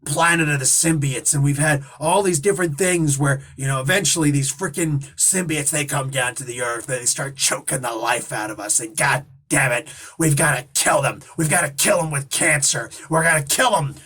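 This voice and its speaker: A man putting on the voice of a gruff, blustering old rich tycoon. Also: a little high, moderate pace, bright, forceful tone.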